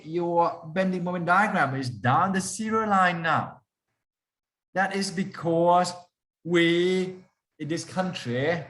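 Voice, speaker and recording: A man's voice: on the high side, a bit bright. A man lecturing a class, often stopping to put questions to the students and repeating key points for emphasis.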